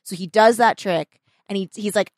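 A woman chatting casually with friends, telling a long story in an animated, rambling way. She fills her sentences with "like" and drops swear words freely. The sound is close and dry, with no room to it. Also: medium pitch, moderate pace, no room sound. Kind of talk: casual chat.

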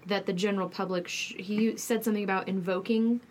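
A woman's voice: medium pitch, fairly even intonation, brisk, a little mellow, a little hiss or hum. A woman co-hosting a casual podcast, asking questions and teasing with laughter. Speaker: podcast co-host. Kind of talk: casual chat.

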